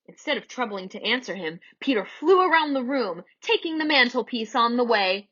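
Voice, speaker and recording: A woman reading a children's story aloud in an animated, theatrical way. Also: fairly high pitch, moderate pace, few pauses, muffled recording.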